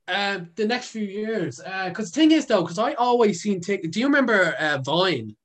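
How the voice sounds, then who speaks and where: A man's voice: sits high, lively intonation, moderate pace, a bit bright. A young Irish man chatting as a guest, telling stories in a rambling way full of fillers and swearing. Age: young adult. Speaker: guest, content creator. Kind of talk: casual storytelling.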